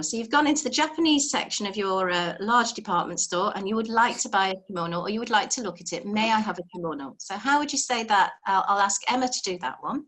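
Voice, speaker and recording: A woman's voice: fairly high pitch, fairly bright tone. A woman teaching a live beginner language lesson over a video call, patient and encouraging, explaining step by step.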